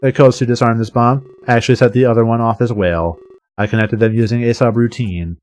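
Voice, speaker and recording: A man voicing a cold, mocking villain who speaks over a loudspeaker, with slow deliberate phrasing. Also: mid-range voice, steady tone, close to an everyday voice. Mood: taunting.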